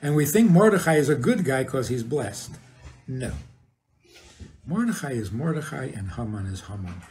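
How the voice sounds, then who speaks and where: Older guy rabbi talking to a crowd, pitch jumps all over, keeps chuckling and asking stuff. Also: moderate pace. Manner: animated, chuckles at his own points, asks the audience questions. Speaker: rabbi teaching. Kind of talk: informal talk to an audience.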